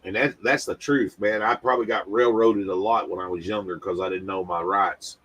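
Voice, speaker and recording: A man's voice: sits low, fairly even intonation, moderate pace, fairly bright tone. A man hosting a casual livestream, rambling and talking straight to his viewers, often repeating words. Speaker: livestream host.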